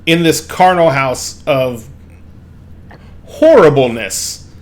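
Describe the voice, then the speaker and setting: A man's voice: mid-range voice, expressive, slow pace, a crowd in the background. A man narrating a tabletop game as game master, in loose, rambling sentences full of fillers.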